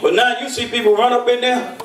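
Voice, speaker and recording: A man's voice: very high voice, flat delivery, fairly quick, crowd noise. An older man preaching as a bishop, telling folksy stories and calling for responses from his congregation. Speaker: bishop and pastor. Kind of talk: sermon. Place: church. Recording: echoey church from a distance.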